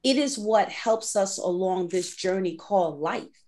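A woman with a mid-range voice speaks at a measured pace. Originally from the Bronx, New York, she co-hosts a casual faith-based podcast, talking animatedly and acting out inner dialogues with God.

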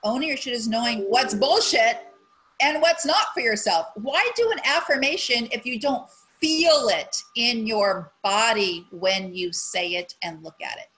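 A woman's voice: on the high side, lively intonation, unhurried, a bit bright, poor audio. A woman on a podcast talking frankly and animatedly, swearing casually and acting out her own inner voice. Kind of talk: casual chat.

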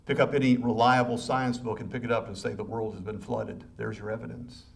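A man's voice: medium pitch, level tone, fairly quick, vocal fry. A man preaching an impassioned sermon. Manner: impassioned preaching that swells loud and urgent; direct address to listeners with rhetorical questions. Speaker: pastor.

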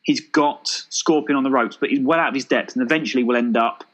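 A man, co-hosting a casual chat, pitching a made-up action film with jokey enthusiasm. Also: fast, fairly bright tone, highs cut off. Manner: enthusiastic, jokey, thinks aloud with fillers. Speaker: podcast co-host.

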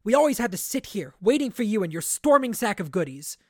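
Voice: mid-range voice, very animated, a little fast, no room sound, studio quality. A podcast host reading aloud, voicing a blunt, weary mother with curt, bitter lines.

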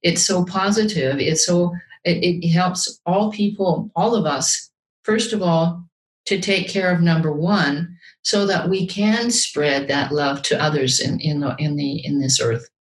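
A woman's voice: fairly low pitch, measured pace. A woman speaking as a guest vocal coach in an interview, enthusiastic and often repeating words as she searches for the next one. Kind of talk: casual interview talk. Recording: roomy echo.

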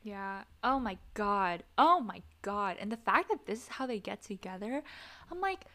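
A woman's voice: medium pitch, expressive, normal speed, bright, forceful tone. A young woman co-hosting a casual recap podcast, exasperated, swearing and laughing often. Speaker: podcast co-host.

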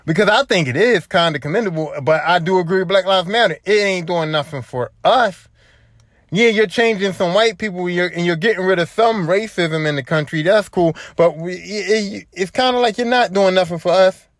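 A man's voice: high voice, moderate pace, dry recording, studio quality. A young man, retelling a story on his podcast and acting out what other people said. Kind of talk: casual storytelling monologue. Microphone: home podcast mic.

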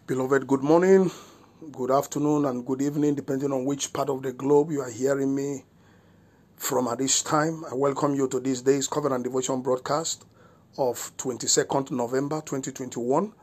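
A man's voice: medium pitch, steady tone, moderate pace, darkish tone. A male pastor gives a broadcast devotional sermon and prayer. He speaks solemnly, declaring blessings and repeating rhetorical questions.

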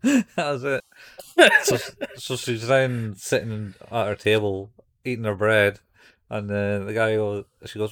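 A man in casual chat, animatedly retelling scenes and slipping into quick character voices. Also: lowish voice. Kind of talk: casual chat recapping a show.

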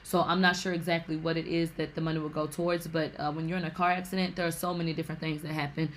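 A woman hosting a gossip show, talking in a casual, animated and profane way with sassy asides. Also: low voice, quick pace, slight background noise.

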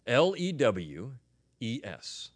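Animated man hosting a podcast. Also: medium pitch, extremely slow. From Delaware, United States. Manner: animated, conversational, thinks aloud. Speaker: podcast host. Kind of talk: solo commentary on readings.

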